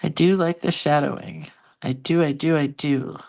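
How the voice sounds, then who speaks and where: Her voice sits low, with a creaky, darkish tone and a moderate pace. She's hosting a casual hand-lettering and doodling livestream, chatting away and thinking out loud while drawing and going through viewer comments.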